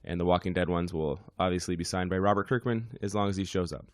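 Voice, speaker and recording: A man hosting a podcast with a hoarse, worn-out voice, chatting casually with many fillers. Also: deep voice, quick pace, no room sound, clean studio sound. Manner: rambling, frequent fillers. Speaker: podcast host.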